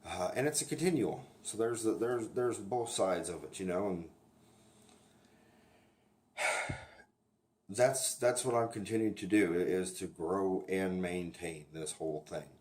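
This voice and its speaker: A man speaking as a recovery sponsor, talking candidly and bluntly, often restarting his sentences and filling pauses with "you know.". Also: deep voice, slight background noise. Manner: halting, with frequent restarts and "you know" fillers; blunt and plainspoken. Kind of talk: candid informal talk to camera.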